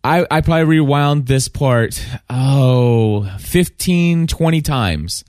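A man's voice: mid-range voice, expressive, takes it slowly, darkish tone, clean tone, no room sound. Earnest man on a podcast, dry sound. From Kentucky, USA. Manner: earnest, emotional, many restarts. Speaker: podcast host. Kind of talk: casual podcast chat.

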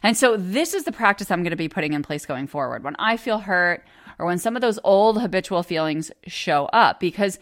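A woman in her forties tells a family story on her own podcast, casual and candid, with plenty of swearing and easy laughter. Her voice sits a little low for a woman. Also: animated, brisk. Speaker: podcast host.

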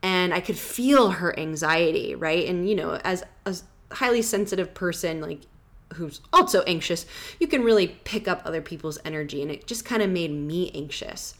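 A woman's voice: lowish voice, animated, moderate pace. A woman hosting a podcast, telling travel stories in a rambling, casual way, full of fillers. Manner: rambling, full of "like" and "you know". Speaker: podcast host.

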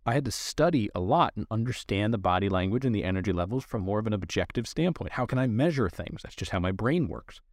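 A man's voice: lowish voice, expressive, fast talker, few pauses, no room sound, clean studio sound. A man who trains dogs, explaining training rules to listeners in an earnest, direct instructional way. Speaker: dog trainer. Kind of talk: instructional podcast talk.

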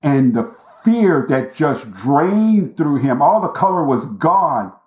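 A man recounting a personal story as a guest in an interview, speaking with intense, deliberate emphasis and dramatic pauses. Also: on the high side, big pitch swings, darkish tone. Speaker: podcast guest. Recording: roomy echo.

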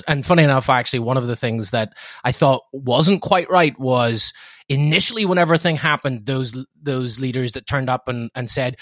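A man's voice: medium pitch, brisk, a bit bright, no room sound, clean studio sound. A man in his thirties with a slightly Americanized Northern Irish accent, chatting as a podcast guest and laughing easily. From Northern Ireland. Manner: chatty, laughing, self-deprecating. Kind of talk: podcast interview.

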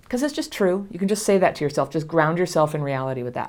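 Gentle woman teaching emotional regulation. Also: on the low side, lively intonation, a little fast, few pauses. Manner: gentle, reassuring, laughs often. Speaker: therapist teaching about trauma recovery. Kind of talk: casual spoken lesson to camera.

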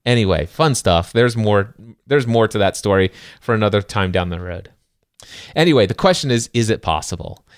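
A man's voice: lowish voice, expressive, moderate pace, clear, resonant tone, no room sound, clean studio sound. A middle-aged man co-hosting a casual book-discussion podcast, talking earnestly about faith and acting out his inner dialogue with emphasis. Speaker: podcast co-host.

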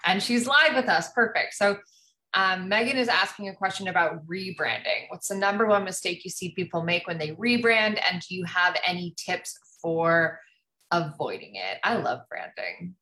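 Woman, bright tone, upbeat casual chat, video call livestream. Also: on the low side, expressive, normal speed, rough recording. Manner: upbeat, chatty. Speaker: co-host of a business coaching livestream.

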